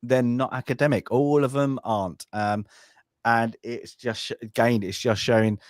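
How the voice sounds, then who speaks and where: A man's voice: mid-range voice, fairly even intonation, normal speed, no room sound, clean studio sound. A man from Britain co-hosting a podcast, chatting casually about a film, rambling with many fillers and restarts. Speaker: podcast co-host. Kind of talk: casual film review chat.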